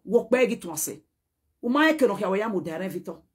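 A woman's voice: medium pitch, expressive, quick pace, husky. A Nigerian woman speaking to the camera in a heated message, scolding and pleading by turns and moving between Pidgin and a local language. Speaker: social media personality.

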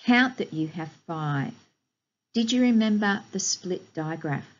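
A woman teaching a recorded phonics lesson to young children, giving slow, clear, encouraging instructions and drawing out each sound. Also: mid-range voice, animated, highs cut off. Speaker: primary school teacher.

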